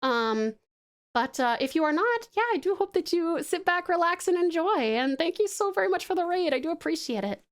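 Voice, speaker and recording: A woman's voice: extremely high pitch, animated, a little fast. A woman from Tasmania with an Australian accent, chatting casually on a live stream. She is bubbly and affectionate, swears freely, laughs often, and rambles while sketching.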